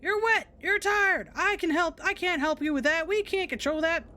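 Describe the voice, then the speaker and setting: A woman voicing a gruff male baseball coach in a game, loud, barking and intense. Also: sits high, lively intonation, fairly quick. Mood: yelling.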